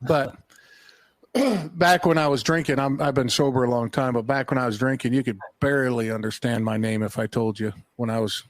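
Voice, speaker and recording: A man's voice: mid-range voice, moderate pace, no room sound. A talkative, easygoing man from Colorado, chatting as a podcast guest. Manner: easygoing, talkative, laughs often. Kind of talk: casual podcast chat.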